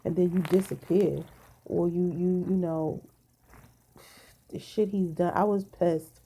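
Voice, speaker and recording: A woman's voice: lowish voice, fairly even intonation, slow, mellow, husky. A woman vlogger venting to her viewers in casual talk, blunt and emphatic, swearing freely, sounding tired.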